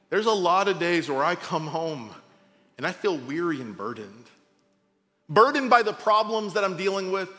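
A male pastor delivers a casual sermon in a bright, forceful voice pitched a little high. He swings from loud emphasis to hushed, quiet drops with informal asides. His voice rings with the long reverb of a large hall.

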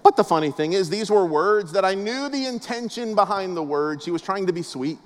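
Brief: male pastor, high voice, chatty jokey delivery, long hall reverb. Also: expressive, brisk. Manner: casual, joking storyteller with a preaching cadence. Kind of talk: humorous conversational sermon.

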